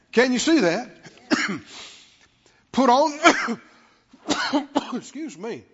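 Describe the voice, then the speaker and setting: A man preaches a sermon as pastor in a very high, breathy-edged voice with big pitch swings, speaking extremely slowly. He stresses words through repetition and prompts the congregation to respond. The recording is dull and lo-fi, with long hall reverb.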